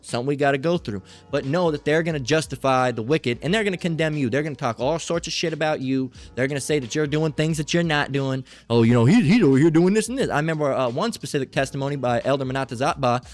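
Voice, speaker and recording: A man preaching in a loose, informal sermon, blunt and profane, often repeating "all right" as he talks. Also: mid-range voice.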